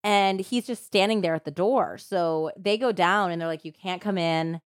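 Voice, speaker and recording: A woman hosting a true crime podcast, retelling a case in a casual, animated way with lots of "like" fillers. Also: on the low side, moderate pace, smooth, dry recording, clean studio sound. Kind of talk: casual storytelling chat.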